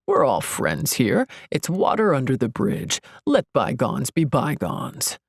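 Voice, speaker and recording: A woman's voice: very deep voice, huge pitch swings, unhurried, gravelly, husky, no room sound, studio quality, exaggerated voice. A woman reading an audiobook, voicing a smug self-help guru who speaks in breezy platitudes. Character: smooth-talking self-help guru man, glib and smug. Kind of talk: audiobook character voice.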